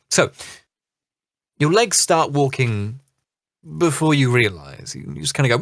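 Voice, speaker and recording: A man's voice: medium pitch, lively intonation, a little slow, gravelly, long pauses, fairly bright tone, dry recording, studio quality. A man narrating a tabletop game as dungeon master in a loose, chatty way with fillers.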